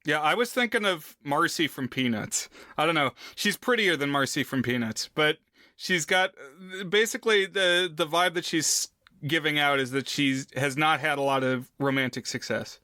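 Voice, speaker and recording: A man with a bright, forward voice pitched a little high offers measured, thoughtful comments on a film. His sound is dry and close to the mic. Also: no room sound. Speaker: podcast co-host. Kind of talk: casual film discussion.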